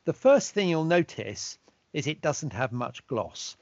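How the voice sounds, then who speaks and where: A man giving a relaxed, chatty online presentation as a chocolate expert, now and then asking for the next slide. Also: a little high, unhurried, no room sound. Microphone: video call. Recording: dull, dry lo-fi audio.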